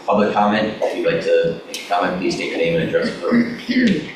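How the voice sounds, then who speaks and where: A man chairing a public board meeting, brisk and casual as he moves the agenda along. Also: low-pitched, wildly swooping pitch. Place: large echoey meeting room. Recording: echoey room audio with some noise, from a distance.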